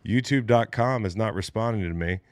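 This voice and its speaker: Low-voiced, animated man hosting a sports chat. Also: fairly quick, dry recording. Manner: animated, profane, joking. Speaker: podcast host.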